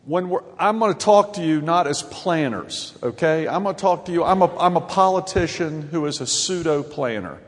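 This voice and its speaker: A man's voice: a little high, animated, moderate pace, hardly any pauses. A middle-aged man with a Southern US accent, a mayor giving a folksy, joking conference speech. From grew up in Ohio and North Carolina. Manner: folksy, joking, gets louder and more emphatic. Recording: long hall reverb.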